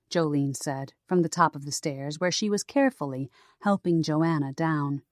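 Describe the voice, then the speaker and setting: A woman narrating an audiobook in a measured storytelling manner. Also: deep voice, dark tone, no echo, clean studio sound. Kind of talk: scripted narration.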